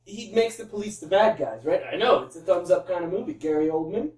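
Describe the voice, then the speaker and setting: A man co-hosting a podcast in casual chat, an animated storyteller who gets excitable. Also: high-pitched, a little fast. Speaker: podcast co-host. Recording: echoey room, distant mic.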